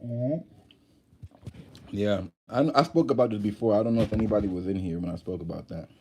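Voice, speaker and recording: Rambling, mellow-voiced man hosting a livestream. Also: lowish voice, a little fast, slight background noise. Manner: rambling storytelling with many restarts and fillers. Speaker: livestream host. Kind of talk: casual livestream chat, reading viewer comments.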